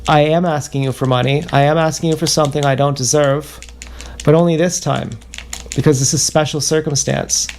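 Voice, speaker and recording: A man talks through a halting, self-questioning confessional ramble, circling back over the same words again and again. His voice sits a touch high for a man and has a gravelly, fry-laden edge. Faint background noise and keyboard clicks sit under it. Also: fairly even intonation, a little mellow. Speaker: livestreamer.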